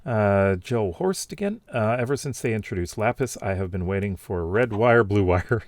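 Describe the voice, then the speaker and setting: A man's voice: lowish voice, animated, normal speed, no echo. A man casually reading out and reacting to viewer comments, rambling with many fillers and restarts. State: has the hiccups.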